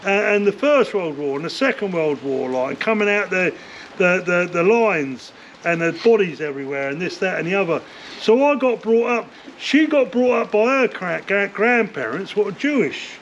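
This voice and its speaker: An older man, telling rough stories from his past in a rambling interview, swearing often and filling gaps with "like, you know.". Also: sits high, big pitch swings, normal speed. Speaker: interview guest, former bare-knuckle fighter. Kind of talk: casual storytelling interview. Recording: dull lo-fi sound with faint noise.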